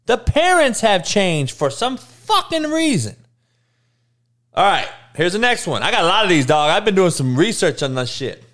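A man hosting his own show, ranting in a casual, comedic way that is full of profanity and emphasis. His voice sits high and swings widely in pitch. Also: moderate pace. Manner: animated, heavily profane, emphatic. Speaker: podcast host and coach.

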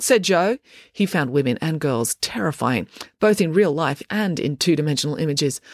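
Woman reading a storybook, lively and low. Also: normal speed, no room sound, clean studio sound. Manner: expressive, playful narration. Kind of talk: reading a children's story aloud.

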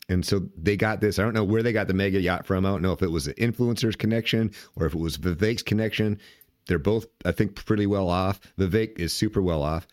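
A man's voice: low-pitched, dry recording, studio quality. An older man hosting a podcast, giving casual, rambling political commentary full of profanity. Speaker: podcast host.

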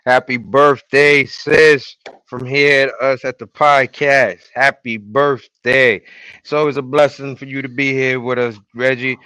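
A man hosting a casual podcast, opening with hype wrestling-style introductions and swinging between loud outbursts and quiet asides. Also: mid-range voice, flat delivery, unhurried, clear, resonant tone, no room sound. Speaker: podcast host.

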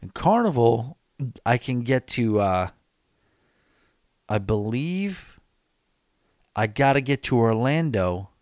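A sleepy podcast host takes it slowly late at night, leaving long pauses and speaking in a sing-song, medium-pitched voice with a darkish tone. He rambles casually with lots of fillers and yawns, recorded cleanly in a studio with no echo.

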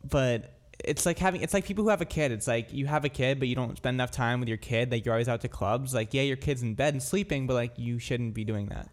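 A man's voice: mid-range voice, fast, hardly any pauses. A young man from Ireland co-hosting a radio show, chatting casually and rambling with lots of restarts. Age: young adult.

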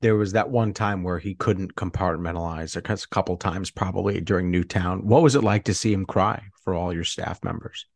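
Low-pitched male host, soft-spoken and thoughtful, in a dry, close recording. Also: normal speed, vocal fry, few pauses, dry recording. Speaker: interviewer. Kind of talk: interview questions.

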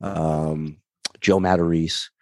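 Man, comedian guest, very low voice, dry close sound, rambling and animated. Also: slow, no room sound. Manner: rambling, animated, many fillers. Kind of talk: casual storytelling.

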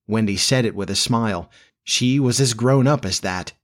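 Man narrator, mid pitch, measured expressive storybook reading.

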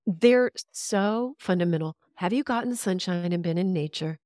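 A woman talking casually as a podcast guest, animated and candid, laughing often and swearing now and then. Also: on the low side, normal speed, no room sound, studio quality.

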